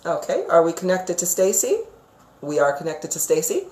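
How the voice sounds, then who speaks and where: A woman's voice: lowish voice, wildly swooping pitch, moderate pace, darkish tone. Chatty woman psychic in an echoey room. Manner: chatty, emphatic, ranting at times. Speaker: psychic reader. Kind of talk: live-stream Q&A with pendulum readings.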